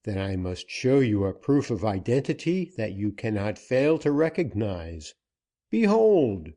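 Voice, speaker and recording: A grim western gunman laying down his terms, voiced by a male audiobook reader. He speaks coldly and deliberately, slow-paced, with a dark, mellow tone and only slight lift above the reader's plain voice. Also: on the low side, animated. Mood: commanding. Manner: commanding, cold, deliberate. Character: grim, steely male gunman seeking vengeance.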